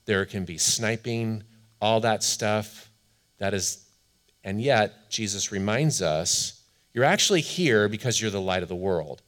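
Guy pastor preaching a sermon, lowish voice, earnest, leans hard on the big lines. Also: fairly bright tone. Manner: earnest, emphatic, slows down to stress key lines.

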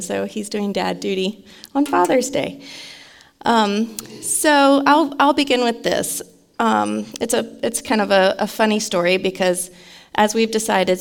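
Woman preaching with a smooth clear voice. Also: medium pitch. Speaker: guest preacher. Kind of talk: sermon.

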